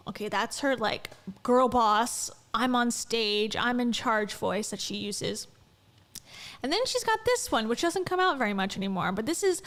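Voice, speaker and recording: Young woman commentator, sarcastic and incredulous; high, swooping delivery for a snarky vlog. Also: big pitch swings, a little slow, a bit bright. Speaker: commentary vlogger.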